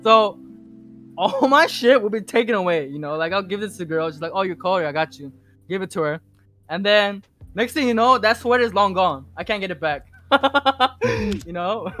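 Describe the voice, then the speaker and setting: A man being interviewed as a podcast guest, telling a casual story full of swearing and restarts. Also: high voice. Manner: rambling, heavy swearing, animated retelling.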